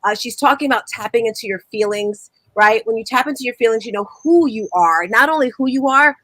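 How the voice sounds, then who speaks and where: A woman's voice: on the high side, fairly quick, hardly any pauses, fairly bright tone, dry recording. A woman hosting a motivational call, effusive and bubbly as she welcomes callers. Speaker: host. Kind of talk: motivational live-call chat.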